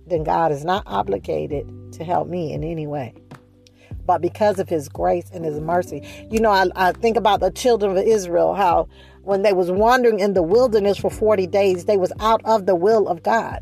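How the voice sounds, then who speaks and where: A woman preaching a sermon, speeding up and slowing down, stressing and repeating her phrases. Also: on the low side, gravelly, a little mellow. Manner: preaching with shifting pace, rising emphasis and repeated phrases.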